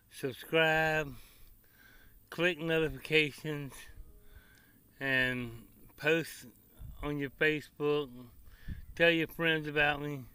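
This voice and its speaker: A man's voice: a little high, bright, forceful tone, clean tone. A man with a Tennessee Southern accent, chatting casually outdoors by his grill to his vlog viewers in a folksy, rambling way. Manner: folksy, rambling, country slang. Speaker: barbecue vlogger. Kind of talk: casual outdoor chat to camera.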